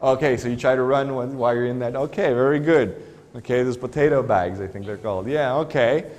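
A man's voice: medium pitch, fairly quick, a little mellow, long reverb tail. A man teaching an English lesson in a school classroom, patiently asking the class one question after another. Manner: patient, asks many questions.

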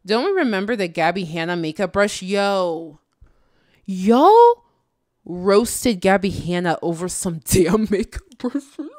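A woman's voice: medium pitch, a little slow, hardly any pauses, no echo, clean studio sound. A woman giving casual, exasperated reaction commentary, slangy and tired late at night. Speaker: YouTube commentator.

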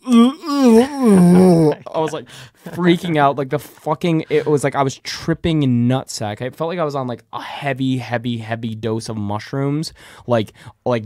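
Young dude podcast cohost, rambly storytelling, dry mic, middle pitch. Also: male voice, a little mellow, no echo. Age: young adult. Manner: rambling, lots of "like" fillers, acts out quotes. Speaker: podcast co-host. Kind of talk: casual chat, storytelling.

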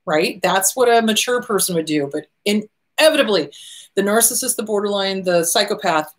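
A woman's voice: mid-range voice, lively intonation, normal speed. A middle-aged woman hosting a relationship advice talk, answering viewer questions and driving her points home by repeating them. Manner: emphatic, repeats key phrases. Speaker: host.

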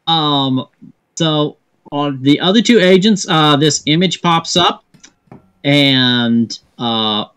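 A man narrating a tabletop game as game master, halting with frequent fillers. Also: on the high side, fairly bright tone, clean tone.

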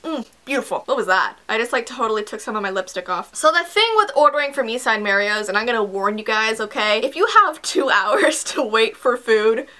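A woman's voice: a little high, lively intonation, brisk, hardly any pauses, bright, forceful tone. A young woman from Canada telling a chatty, dramatic story time to camera at home. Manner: chatty, dramatic, playful asides. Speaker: vlogger. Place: home, indoors.

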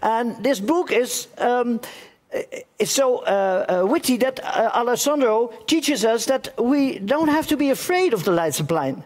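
Guy on stage introducing a book, stammers a lot, very high lively voice. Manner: halting, stammering speech. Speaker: introducer at a cultural evening. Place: theater stage.

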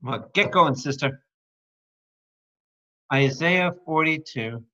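A man's voice: fairly high pitch, slow pace, pushed and bright. A man, a priest, teaching a Bible study in a playful, exclamatory way, quizzing his listeners and making sound effects. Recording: dull lo-fi recording.

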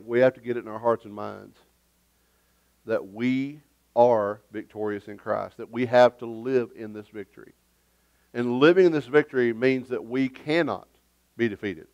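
A man's voice: mid-range voice, moderate pace, a little mellow, no echo, dull audio. A man preaching a sermon as pastor in a church, emphatic and conversational, with joking asides. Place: church sanctuary.

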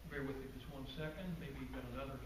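A man giving a guest-speaker presentation to a club audience, telling stories in a relaxed, conversational way with asides to the crowd. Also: medium pitch, fast. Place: meeting room with an audience. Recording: roomy, distant, faint background noise.

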